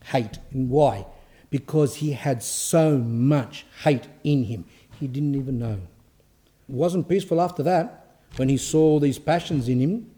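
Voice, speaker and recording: A male priest giving an informal, lively sermon, telling stories with acted quotes. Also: medium pitch. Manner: animated storytelling with acted quotes.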